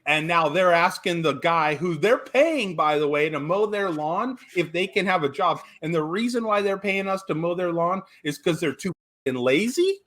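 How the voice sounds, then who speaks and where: A man's voice: high-pitched, animated, normal speed, few pauses, a bit bright. A man calling in to a talk show, ranting emphatically with stumbling restarts and blunt profanity. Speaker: caller. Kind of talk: call-in radio chat.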